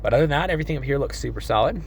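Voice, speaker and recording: Out on a cold car lot, a male salesman shows off a truck in a relaxed, cheerful way, laughing a lot. His medium-pitched voice is a little hoarse, animated and rapid-fire, and the recording carries a slight hiss or hum.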